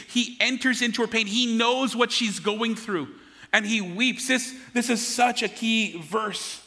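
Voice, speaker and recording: His voice sits high, pushed and bright, at a moderate pace as this pastor preaches in a church sanctuary. The sermon is earnest and conversational with frequent repeated words, and the recording echoes with long hall reverb.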